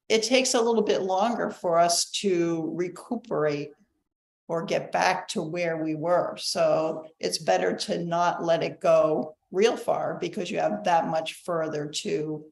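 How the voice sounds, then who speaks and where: A woman's voice: fairly low pitch, unhurried, creaky, darkish tone. Middle-aged woman on an echoey call. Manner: chatty and laughing easily. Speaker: guest, co-host of a channel. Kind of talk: casual live-stream chat. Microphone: video call.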